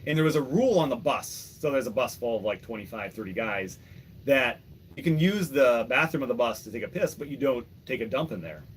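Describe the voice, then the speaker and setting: A man hosting a podcast at a mid pitch. He tells embarrassing stories about himself at a measured pace, poking fun at his own past. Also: animated, slight background noise. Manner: measured, self-mocking storyteller. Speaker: podcast host. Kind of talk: casual chat.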